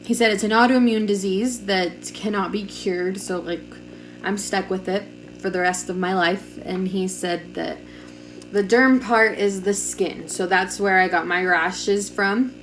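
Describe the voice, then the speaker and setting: A woman's voice: mid-range voice, steady tone, unhurried, fairly bright tone, faint music behind. A young woman telling a personal story in a chatty, casual way, full of "like" fillers, recorded on a camera mic at home. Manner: chatty, lots of "like", acts out quoted dialogue. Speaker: vlogger.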